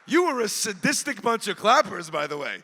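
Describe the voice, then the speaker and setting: A man, a rabbi, giving an impassioned storytelling speech at an event, rising at times to shouts. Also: sits high, very animated, a little fast, gravelly, long reverb tail, a faint crowd. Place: large event hall.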